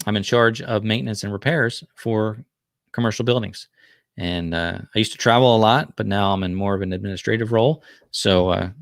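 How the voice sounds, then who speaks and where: Middle-aged man with a New Jersey accent, casual rambling livestream host, low-pitched voice, dry sound. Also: no echo. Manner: rambling, chatty, many fillers and restarts.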